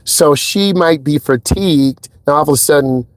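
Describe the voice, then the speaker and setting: A man's voice: normal speed, no echo. Chatty male driving instructor. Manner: animated storyteller, acts out quotes in a higher voice. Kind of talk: casual vlog talk. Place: inside a car.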